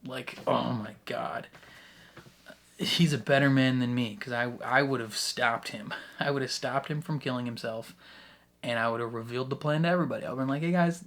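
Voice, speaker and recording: An excitable man talks through his reactions in a loose, rambling way. He laughs often between thoughts and restarts his sentences as he goes. His voice sits at an ordinary middle pitch. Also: brisk. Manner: rambling with many restarts and fillers. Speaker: YouTube reaction host. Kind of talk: casual reaction commentary.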